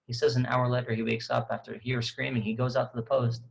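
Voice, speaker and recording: Over a rough recording, a male tour guide tells a story in a lively, conversational way. He speaks haltingly at a middling pitch with a creaky, gravelly voice, often restarting and repeating words while animatedly recounting events.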